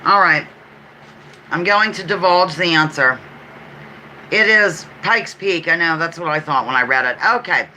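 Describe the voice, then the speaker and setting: Pennsylvania lady running a trivia stream, super bright sharp voice, chatty, restarts a lot. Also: low-pitched, slight background noise, low-quality recording. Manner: chatty, self-correcting, repeats clues slowly. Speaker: trivia livestream host. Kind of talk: casual live trivia chat.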